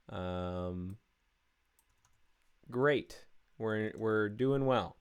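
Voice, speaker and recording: A man's voice: medium pitch, expressive, very slow, long pauses, clear, resonant tone. A man live-streaming his coding work, talking through each step casually with many fillers and restarts.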